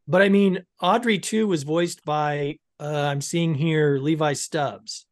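Man, slightly high voice, casual chat, curious, lots of um and uh. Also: fairly even intonation, takes it slowly, dry recording, studio quality. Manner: questioning, lots of fillers. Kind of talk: casual discussion.

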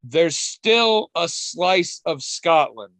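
A man's voice: a little high, expressive, very slow, a bit bright, no room sound. Rambling, wry man in dry casual chat. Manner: rambling, self-interrupting, wry, swears casually.

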